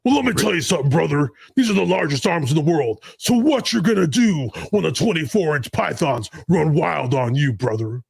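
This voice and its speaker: A man's voice: on the high side, animated, brisk, creaky, hardly any pauses, husky, heavily acted. A man doing an impression of a brash, muscle-bound male wrestling star, with boastful growled catchphrases.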